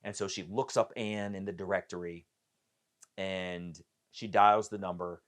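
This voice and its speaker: A middle-aged man with a fairly low voice tells a personal story as a podcast guest. He is animated and acts out each person's voice as the story unfolds. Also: measured pace.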